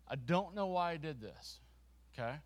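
A man preaching to a congregation, telling a funny story with a volunteer on stage, lively and self-mocking. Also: on the high side. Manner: lively and self-mocking, with quick restarts and laughter.

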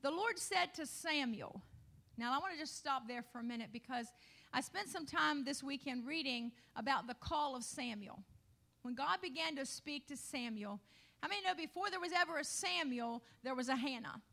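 A woman's voice: high voice, lively intonation, moderate pace, gravelly, pushed and bright. A middle-aged woman pastor preaching a sermon, putting rhetorical questions to her congregation.

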